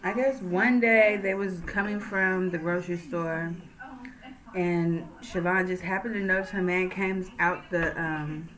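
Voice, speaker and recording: A woman's voice: lowish voice, fairly even intonation, a little slow, a bit bright, rough recording. A woman casually retelling a true crime story in a chatty, conversational way, with fillers. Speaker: storyteller, channel host.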